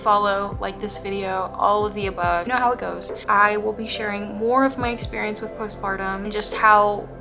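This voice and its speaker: A woman's voice: medium pitch, fairly even intonation, normal speed, few pauses. A young woman telling a personal story on her vlog, heartfelt and close to tears, speaking earnestly. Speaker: vlogger. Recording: music playing behind the voice.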